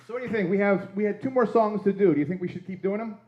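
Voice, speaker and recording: Playful male frontman, higher voice, live in a roomy hall, works the crowd. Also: racing, highs cut off, slight background noise. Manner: playful, coaxing audience participation. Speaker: band frontman. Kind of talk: onstage banter with audience. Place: gala event hall, livestreamed. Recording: echoey room.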